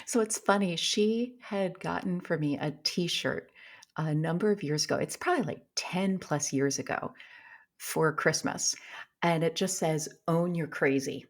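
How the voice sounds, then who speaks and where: Woman podcast guest, low gravelly voice, animated storyteller. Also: measured pace. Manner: animated storyteller, acts out quotes. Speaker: podcast guest, pediatrician and coach. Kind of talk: casual conversation.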